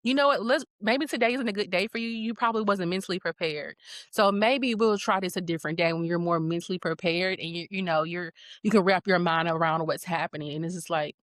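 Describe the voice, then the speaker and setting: A woman's voice: on the low side, a little fast, dry recording. A woman guest on a podcast, telling a story in a casual way and acting out the voices of the people she quotes. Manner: animated, acts out quoted voices.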